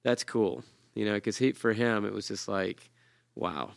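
A man's voice: fairly low pitch, a little slow, gravelly, no room sound, clean studio sound. A man hosting a podcast in a casual, chatty way, teasing his guest. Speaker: podcast host. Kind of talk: casual chat.

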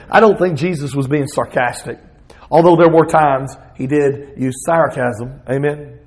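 High-voiced Southern preacher. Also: male voice, a little slow, low-quality recording. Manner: expressive preaching, voicing Jesus in bursts. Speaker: pastor. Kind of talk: sermon.

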